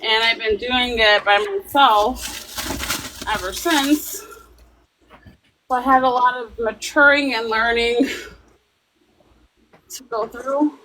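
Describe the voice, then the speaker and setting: A woman in her thirties chatting on a live stream from her workplace, laid-back and unhurried. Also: fairly high pitch, steady tone, sharp tone. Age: 30s. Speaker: livestream guest. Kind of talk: casual chat on a live stream. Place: at her workplace, in an empty room. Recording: echoey room, distant from the mic, faint noise.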